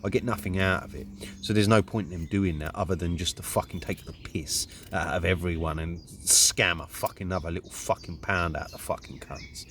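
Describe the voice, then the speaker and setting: A man from Luton, England, with a local English accent, delivers a rambling, indignant monologue full of constant swearing. His deep voice is fairly bright and fairly even, a little fast, with a slight hiss or hum.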